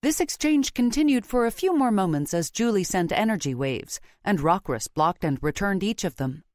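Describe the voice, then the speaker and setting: Steady woman narrating an audiobook. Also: medium pitch, normal speed, no room sound, studio quality. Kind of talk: first-person scripted narration.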